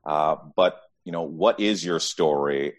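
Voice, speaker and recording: A man's voice: rumbling low, unhurried. A man hosting a podcast, asking informal, rambling questions with fillers. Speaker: podcast host. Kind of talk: casual interview.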